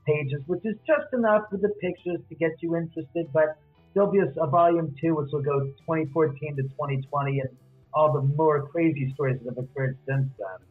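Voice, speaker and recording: A man, a guest author, retelling a story in lively detail and acting out both sides of each conversation. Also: fairly high pitch, fairly quick, faint music behind. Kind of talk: animated storytelling in an interview. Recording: tinny phone line.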